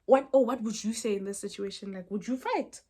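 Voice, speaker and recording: A young woman, telling a storytime in a chatty, animated way with asides to her viewers. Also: medium pitch, brisk. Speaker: storyteller vlogger. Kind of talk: casual storytime chat.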